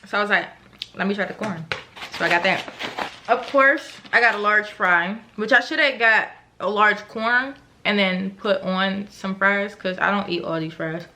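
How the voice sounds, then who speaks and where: Young woman, vlogger, gushing and chatty, casual talk to camera, clear background noise. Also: mid-range voice, moderate pace, sharp tone. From Maryland, US. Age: 20s. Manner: chatty and gushing, lots of "like" and "y'all". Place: home, then a car.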